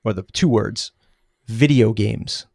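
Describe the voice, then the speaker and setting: A man's voice: on the low side, takes it slowly, creaky, a little mellow, no echo, studio quality. Easygoing male podcast host. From Boston area. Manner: friendly, easygoing questions with light laughs. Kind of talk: conversational interview.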